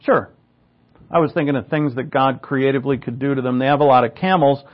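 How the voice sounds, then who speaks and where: A man's voice: medium pitch, a little fast, highs cut off. A man preaching a sermon in a conversational way, firing rhetorical questions and slipping in humorous asides. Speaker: pastor.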